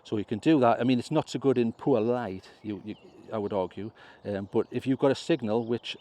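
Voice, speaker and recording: Brisk and medium-pitched, a warm, mellow English man talks viewers through his drone in casual hillside commentary, explaining step by step and fixing his own slips. There's a faint hiss or hum, and he clears his throat with a small cough.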